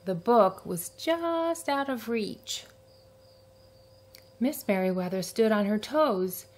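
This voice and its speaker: A woman reading a children's picture book aloud, with gentle narration and voices for the characters. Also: mid-range voice, lively intonation, slow. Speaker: storyteller.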